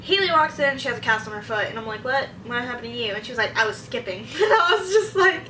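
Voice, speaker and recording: A young woman, a college student, rambles through stories about her week in a casual vlog, speaking fast in a fairly high voice and excitedly acting out her own reactions. The mic sits at a distance in an echoey room, with slight background noise.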